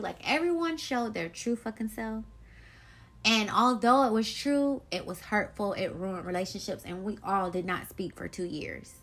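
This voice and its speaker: Blunt, profane woman podcast host. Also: mid-range voice. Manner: blunt and profane, animated storytelling. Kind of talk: casual solo podcast monologue.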